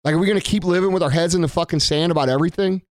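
A man's voice: fairly high pitch, racing, no room sound, studio quality. A man giving an angry, blunt rant to camera, swearing heavily and repeating himself for emphasis. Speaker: business owner. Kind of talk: profane political rant to camera.

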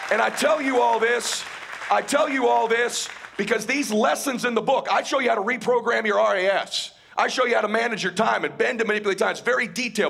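A man giving a live motivational talk with a raspy voice, swinging from shouting to hushed, impassioned delivery. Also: high-pitched. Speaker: motivational speaker.

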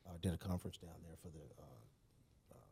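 A man, a podcast guest telling a personal story in casual conversation, animated and emphatic, often saying "you know" and "man". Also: low-pitched, fairly quick, vocal fry, breathy edge.

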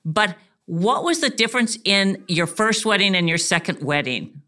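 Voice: medium pitch, lively intonation, moderate pace, sharp tone. An interviewer asking questions in a chatty, easygoing way and laughing often.

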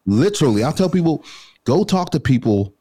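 A man in his thirties talking casually as a podcast guest, an animated storyteller who says bro and man a lot. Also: a little high, a little fast, breathy edge. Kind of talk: casual conversation.

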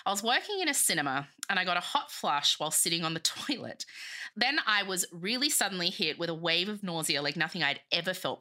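A young woman in her twenties hosting a podcast, chatting casually and reading her memoir in an animated, self-mocking way that often breaks into laughter. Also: lowish voice. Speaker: podcast host.

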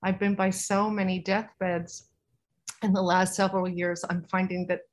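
A woman guest on a podcast discusses spiritual matters in a casual interview chat. Her fairly low voice has little pitch movement and a moderate pace, and she is soft-spoken, earnest and rambling.

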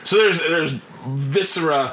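A man narrating as game master in a casual, laughing way, with halting restarts. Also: on the high side. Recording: echoey room with loud noise.

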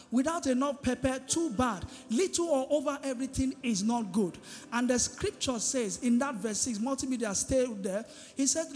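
A man preaches with fervor, throwing questions to the congregation and waiting for their answers. His voice sits very high for a man. The sound comes through a microphone in a large hall with a long reverb tail and faint music underneath. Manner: emphatic preaching with call-and-response. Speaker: pastor. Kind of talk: sermon. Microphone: handheld microphone.

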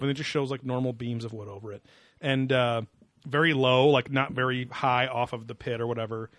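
A man's voice: medium pitch, steady tone, fairly quick, fairly bright tone, no room sound, studio quality. A man co-hosting a casual podcast, rambling and sarcastic, with frequent laughter. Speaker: podcast co-host. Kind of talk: casual chat.

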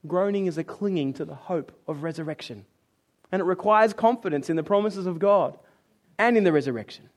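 Here a man gives a lively sermon at normal speed, performing complaining voices and turning quiet and low for the readings from scripture.

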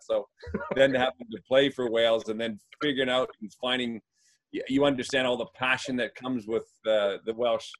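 A man from North America, a former hockey player, telling stories in a rambling, filler-heavy way. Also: mid-range voice. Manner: rambling, lots of fillers, animated. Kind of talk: casual storytelling.

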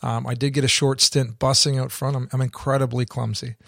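A middle-aged man from Canada, a guest in an interview, telling his story in a halting way with many restarts. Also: medium pitch, little pitch movement, vocal fry, fairly bright tone, no room sound, clean studio sound.

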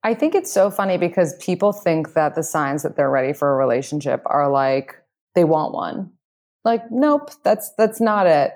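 A woman's voice: low voice, lively intonation, normal speed, darkish tone. A woman guest giving dating advice in casual conversation, outgoing and confident, with frequent fillers.

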